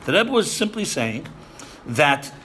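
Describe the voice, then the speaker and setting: Emphatic bright-voiced man lecturing. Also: on the high side, big pitch swings, unhurried, a little hiss or hum. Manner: emphatic, repeats phrases, Yiddish and Hebrew terms. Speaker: rabbi lecturing seminary students. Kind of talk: sermon-style lecture.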